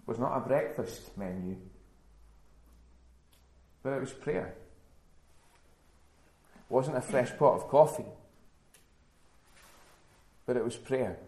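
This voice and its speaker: A man's voice: mid-range voice, a little mellow. A male pastor preaching a sermon in a church, earnest and building to emphatic repetition. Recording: roomy church echo.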